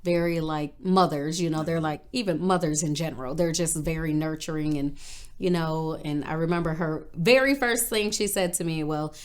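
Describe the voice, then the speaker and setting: A woman from northern Illinois telling her life story in a casual interview, animated and acting out other people's voices as she goes. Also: normal speed. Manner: animated, acts out quoted voices with big pitch jumps. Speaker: interview guest.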